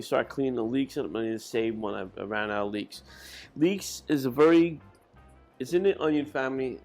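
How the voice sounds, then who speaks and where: A man's voice: medium pitch, darkish tone. A man giving a casual cooking demonstration in a kitchen, rambling and correcting himself as he goes. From Irish family. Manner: rambling, self-correcting, folksy. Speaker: cook.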